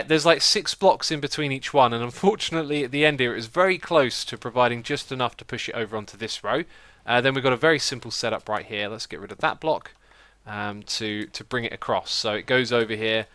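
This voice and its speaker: A man's voice: mid-range voice, bright, forceful tone, smooth, dry recording. A man casually commenting on his own gameplay, chatty and upbeat, laughing often and talking to the animals he rides. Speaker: Minecraft video host.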